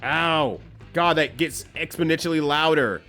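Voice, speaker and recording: A man's voice: a little high, a little slow, pushed and bright, faint music behind. A man streaming a game live, giving loose, joking commentary that swears casually and rambles between bits.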